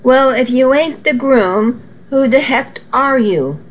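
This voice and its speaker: Lady reading a book and doing a tough old nana, choppy broken english, slow, kinda muffled audio. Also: high voice, voice pushed up. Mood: gruff. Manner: fierce, clipped broken English. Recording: dull lo-fi recording.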